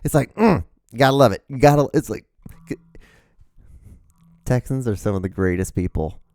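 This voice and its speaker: A man in his thirties hosting his own show, rambling excitably in a casual, profane monologue. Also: medium pitch, normal speed, no echo, studio quality. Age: 30s. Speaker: show host.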